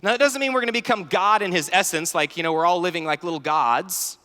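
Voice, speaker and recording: A man in his thirties giving an animated, story-filled talk at a youth conference, acting out dialogue. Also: high voice, quick pace. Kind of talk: sermon-style talk with stories. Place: large conference hall. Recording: large hall reverb.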